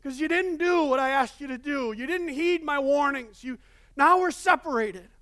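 A man's voice: very high voice, moderate pace, bright, forceful tone, no room sound, studio quality, voice pushed up. A man voicing God calling out for the lost man in anguish during a sermon. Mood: lamenting. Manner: crying out, pleading.

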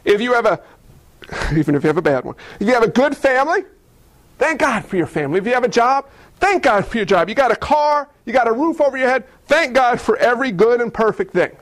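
Male pastor, very high voice, lively sermon delivery with acted-out voices. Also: brisk. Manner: animated preaching, acting out biblical voices.

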